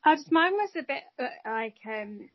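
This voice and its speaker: A woman's voice: sits high, big pitch swings, moderate pace, no room sound. A woman chatting candidly and hesitantly, with many fillers. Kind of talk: casual chat. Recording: dull lo-fi dry sound.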